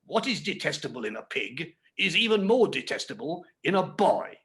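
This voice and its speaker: A man's voice: on the high side, big pitch swings, moderate pace, a bit bright. A man voicing a sanctimonious, moralizing man at a dinner table, in a dramatic reading of classic fiction, preachy and stern.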